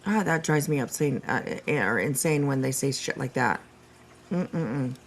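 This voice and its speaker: A woman's voice: a bass voice, expressive, measured pace. A woman hosting a casual reaction commentary, profane and exasperated, laughing often as she reacts to clips. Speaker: host reacting to stream clips.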